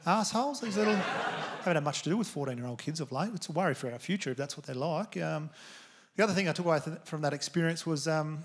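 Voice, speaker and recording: A male Australian comic with a fairly high, expressive voice talks quickly through a stand-up set, spinning crude, conversational tales for a live crowd. Audience noise and laughter from the comedy venue are audible throughout.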